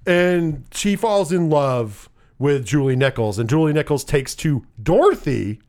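A man casually recapping a film plot with a co-host, animated and acting out the characters' lines. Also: on the high side, unhurried. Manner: animated retelling with put-on quoted voices, laughs often. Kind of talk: casual movie recap chat.

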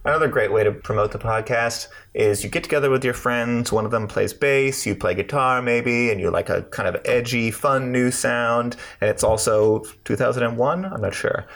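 A man's voice: mid-range voice, normal speed, few pauses, fairly bright tone. A man co-hosting a book podcast, chatting casually with rambling, jokey asides. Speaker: podcast co-host.

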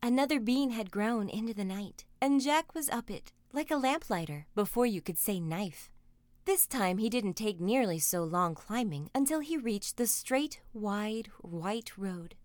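A woman reading a fairy tale aloud, expressive and dramatic. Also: medium pitch, a little slow, no room sound. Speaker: storyteller. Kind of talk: storybook reading.

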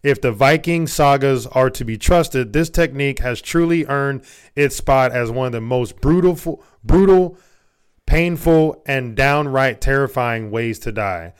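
A man's voice: medium pitch, unhurried, clear, resonant tone. A man co-hosting a casual podcast, reading notes aloud, stumbling over words and swearing freely. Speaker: podcast co-host.

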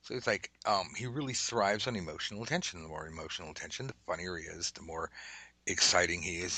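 Man, podcast host, chatty and rambling, fairly low voice, bright forceful tone, dry close sound. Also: fast talker, no echo, poor audio. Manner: rambling and chatty, swears, tells side stories. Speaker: podcast host teaching tarot. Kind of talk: casual podcast lesson.

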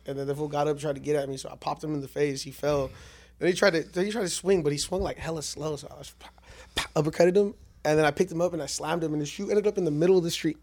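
A young man guesting on a casual podcast, his voice sitting a little high. He talks quickly and tells animated stories packed with swearing. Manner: animated storytelling, heavy swearing. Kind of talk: casual chat.

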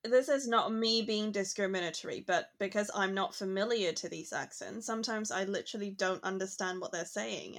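A woman's voice: mid-range voice, fairly bright tone. Casual co-host: woman, conversational, reflective, easy laughter. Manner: chatty, reflective, laughs easily. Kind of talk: casual chat.

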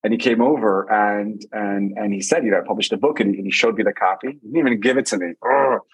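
A man talking as a guest on a conversational show, giving relationship advice through lively personal stories and repeated phrases. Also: on the low side, fast, slightly rough, poor audio. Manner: animated storytelling with repeated phrases.

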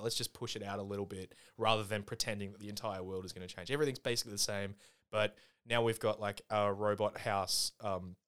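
A man's voice: lowish voice, fairly bright tone, clear, resonant tone. Man, casual movie chat, rambling, laughing, swearing. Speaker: podcast co-host.

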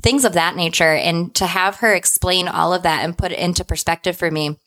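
A woman's voice: lowish voice, fairly even intonation, brisk, fairly bright tone. A woman telling a personal anecdote in a casual, chatty way, often adding "like" and "right?". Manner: chatty, tags lines with "like" and "right?". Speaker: storyteller.

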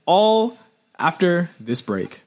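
A man's voice: high voice, very animated, takes it slowly, a little mellow. A man co-hosting a podcast, chatting casually and emphatically, often repeating his phrases. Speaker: podcast co-host. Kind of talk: casual wrestling chat.

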